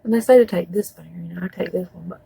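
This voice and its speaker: A woman's voice: lowish voice, very fast, creaky, mellow, slightly rough, no room sound, low-quality recording. A woman chatting casually through a makeup tutorial, rambling with folksy asides. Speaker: beauty vlogger.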